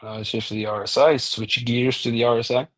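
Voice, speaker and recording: A man's voice: mid-range voice, level tone, a little fast. A man giving a casual chart analysis as a crypto trading analyst, talking loosely with frequent restarts and the odd swear word.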